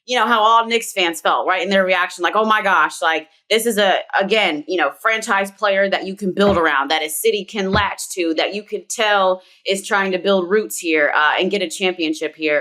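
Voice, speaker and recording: Woman analyst, Philly accent, bright and forceful voice, chatty. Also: fairly low pitch. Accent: Philadelphia. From Philadelphia. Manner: chatty, filler-heavy, laughs easily. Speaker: basketball analyst. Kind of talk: casual sports talk.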